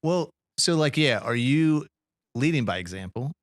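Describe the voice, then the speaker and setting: A middle-aged man co-hosting a podcast, talking in a rambling, halting way full of fillers. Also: medium pitch, expressive, no room sound, studio quality. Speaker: podcast co-host. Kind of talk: casual podcast chat.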